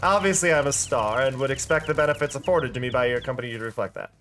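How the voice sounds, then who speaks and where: A man's voice: mid-range voice, quick pace, fairly bright tone, soft background music, lightly acted. A man voicing a pompous female bird mascot who sees herself as a star singer, speaking in a haughty, theatrical way. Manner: haughty, theatrical, putting on airs.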